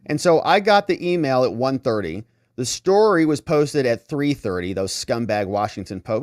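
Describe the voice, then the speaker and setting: A man's voice: medium pitch, lively intonation, moderate pace, darkish tone, no room sound, studio quality. A man hosting a legal commentary stream, sarcastic and mocking, acting out quotes from the people he discusses. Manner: sarcastic, mocking, acts out quotes in shifting voices. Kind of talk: livestream commentary.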